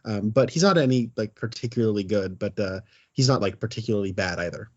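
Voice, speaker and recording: A man's voice: lowish voice, brisk, lo-fi sound. A man co-hosting a podcast in casual chat, rambling and hesitant, with lots of fillers. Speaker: podcast co-host.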